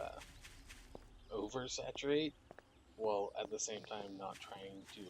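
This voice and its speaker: A man's voice: on the low side, noisy background. A tired young man giving casual, rambling commentary while he plays a survival game, with lots of fillers. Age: young adult. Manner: rambling, relaxed, many fillers. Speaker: gaming channel host.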